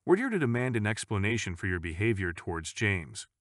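A loyal wife who stands up for her husband, her words firm and steady, as a male narrator reads her. The voice sits low yet moves with a lively lilt, recorded dry and close. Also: fairly quick, no room sound. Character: loyal protective adult wife.

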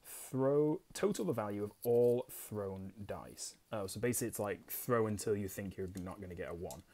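A man's voice: on the low side, animated, normal speed, mellow. A young Englishman hosting a board game channel, reading rules aloud and chatting casually about his solo play in a self-deprecating way. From England. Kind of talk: casual solo gameplay commentary.

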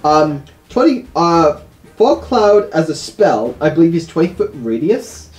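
Man as game master, animated, slightly high, roomy echo, music beneath. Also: a little slow. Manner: explains rules, laughs often. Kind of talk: narrating a tabletop game. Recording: roomy sound with music behind.

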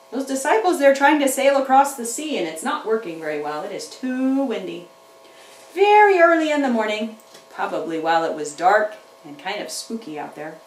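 A woman teaching children's church, telling a Bible story to young kids in an animated way and chatting with her puppets. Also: a little high. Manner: animated, talks back to puppets. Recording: roomy room, mic at a distance.

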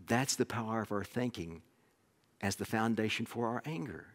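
Pastor preaching in a reverberant sanctuary. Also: male voice, mid-range voice, quick pace. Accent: Oklahoma. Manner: conversational storytelling with frequent restarts. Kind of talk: sermon. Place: church sanctuary.

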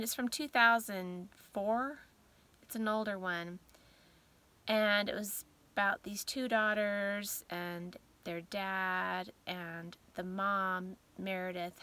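Middle-aged woman vlogger, tired and emotional, bright tone, slips into whispers, casual late-night chat. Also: mid-range voice. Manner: emotional, soft-spoken, drifts into whispers. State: teary and tired at bedtime.

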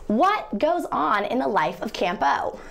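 A young woman presents a scripted campus TV segment, her high voice rising and falling widely as she reads out viewer tweets. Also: big pitch swings, measured pace, vocal fry, fairly bright tone. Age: young adult. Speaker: student co-presenter.

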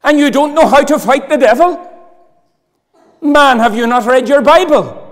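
A man preaching a sermon with fervour, his voice swinging from loud declarations to hushed appeals. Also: very high-pitched, moderate pace. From Northern Ireland. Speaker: pastor. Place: church hall. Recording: long hall reverb.

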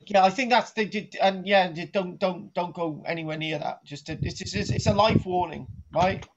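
Dull, lo-fi audio with a little hiss or hum carries a high-pitched man at a moderate pace as he rambles through a jokey online archaeology class, saying "right" again and again.

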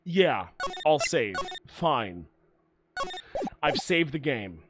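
A man's voice: mid-range voice, big pitch swings, very slow, music in the background. A young man streaming a game, chatting casually and animatedly, swearing and reading the text aloud. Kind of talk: casual let's-play commentary.

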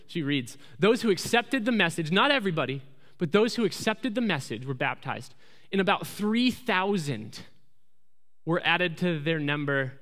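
A man preaching a sermon as pastor, telling the story in a lively, jokey way on a microphone in a church. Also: high voice, moderate pace. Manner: animated storytelling, jokey asides. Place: church sanctuary. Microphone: handheld microphone. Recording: reverberant church hall.

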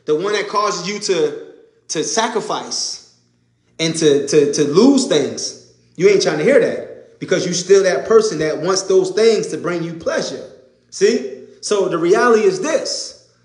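A man's voice: sits high, lively intonation, a little slow, roomy sound. A man preaching an informal sermon, emphatic and conversational, repeating his points. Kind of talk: informal sermon to a live audience.

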